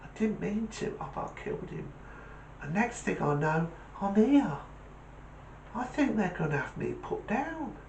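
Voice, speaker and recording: A man's voice: high-pitched, sing-song, measured pace, creaky, a little mellow, roomy sound, slight background noise, pitched above the performer's own voice, full character voice. A man voicing a small, nervous male terrier dog who stammers defensively in a joke. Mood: anxious.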